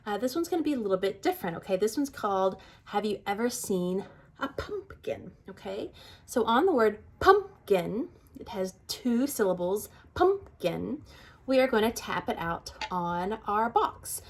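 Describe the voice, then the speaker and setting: With a mid-range voice and lively intonation, a woman leads a toddler music class, chatting in a bright sing-song manner and singing slow children's songs.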